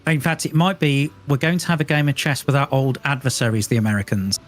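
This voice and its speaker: Male co-player, talkative and amused, quick with trivia in a relaxed gaming chat. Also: mid-range voice, faint music behind. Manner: chatty trivia buff, amused.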